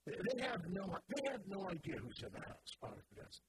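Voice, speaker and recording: A male pastor delivers an impassioned sermon in a high-pitched voice. He moves between soft, confiding asides and fervent, shouted declarations. A steady hiss of background noise runs under the recording. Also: fairly quick. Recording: noisy church recording.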